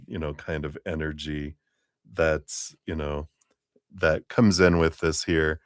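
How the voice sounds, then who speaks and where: A man's voice: very deep voice, fairly even intonation, takes it slowly, smooth, no echo, clean studio sound. A man giving a live-streamed tarot reading to a viewer, chatty and rambling, who acts out the voices of the people he quotes. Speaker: tarot reader.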